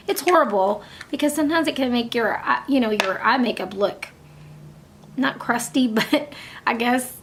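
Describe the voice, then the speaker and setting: A middle-aged woman chatting casually through a makeup tutorial, rambling and dropping into soft half-whispered asides. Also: on the high side. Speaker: beauty vlogger.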